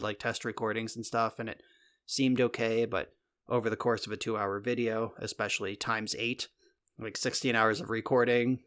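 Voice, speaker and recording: Man, podcast co-host, lowish voice, rambling casual chat, fillers and swearing. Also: a bit bright. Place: home recording room.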